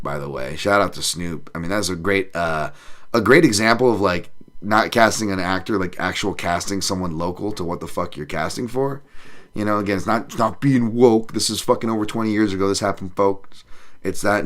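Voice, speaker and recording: A man's voice: low-pitched, fairly bright tone. A man hosting a podcast, chatting casually with his live chat, swearing freely and joking at his own expense. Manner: profane, self-deprecating, reads chat aloud; laughs often, does funny voices. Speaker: podcast host.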